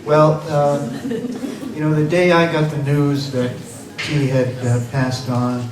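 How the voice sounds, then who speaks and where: Man, slightly high, very slow delivery, gentle humor, distant mic in an echoey room with a crowd. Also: little pitch movement. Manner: slow, warm-humored, laughing asides. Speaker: memorial speaker. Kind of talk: informal eulogy. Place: coffee house gathering. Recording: roomy, distant, chatty crowd.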